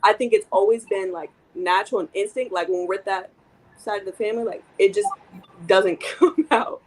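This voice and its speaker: A young woman in casual conversation, reserved and soft-spoken, speaking on a video call with lots of fillers. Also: mid-range voice, normal speed, rough recording. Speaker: co-host.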